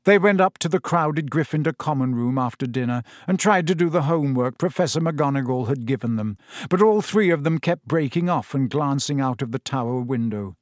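A man's voice: medium pitch, expressive, brisk, no room sound. Man narrating a storybook, dry close sound. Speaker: audiobook narrator. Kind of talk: scripted narration.

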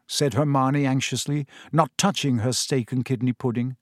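A man narrating a novel in a measured storytelling manner. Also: medium pitch, steady tone, no room sound, clean studio sound. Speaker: audiobook narrator. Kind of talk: scripted narration.

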